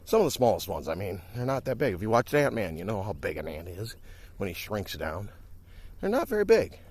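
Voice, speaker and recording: A slightly low-voiced man from Wisconsin rambles in a casual walking vlog. He is a little out of breath from walking fast, talking into a handheld phone outdoors beside cornfields. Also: animated, husky. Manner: rambling, chatty, talks while walking. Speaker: streamer. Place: outdoors by cornfields on a country lane. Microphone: handheld phone while walking.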